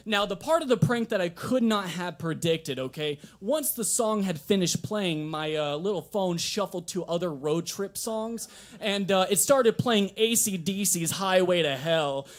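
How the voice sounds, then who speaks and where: A man performing a stand-up comedy set at an open mic in a coffee shop, switching between a dry deadpan and sudden animated bursts. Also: high voice, unhurried.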